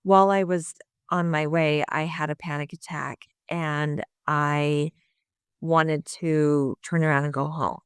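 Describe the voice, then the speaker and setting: Low, smooth-voiced middle-aged woman. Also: a little slow, no room sound, studio quality. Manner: earnest, lively retelling with quoted inner thoughts. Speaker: guest sharing her recovery story. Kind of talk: candid interview storytelling.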